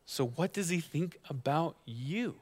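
A man's voice: a little high, animated, measured pace. A man in his thirties, a guest pastor, preaching a conversational sermon full of rhetorical questions and asides.

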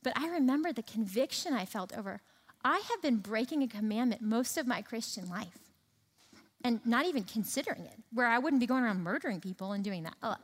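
A woman's voice: a little high, lively intonation, a little fast, husky, long reverb tail. A woman preaching a sermon, emphatic, repeating phrases for rhythm. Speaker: speaker at a church teaching session.

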